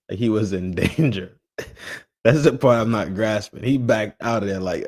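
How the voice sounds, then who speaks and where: Gravelly laid-back man reacting. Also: fairly low pitch, a little slow, darkish tone. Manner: laid-back, laughs often, slang-heavy. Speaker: podcast host reacting to videos. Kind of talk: casual reaction commentary.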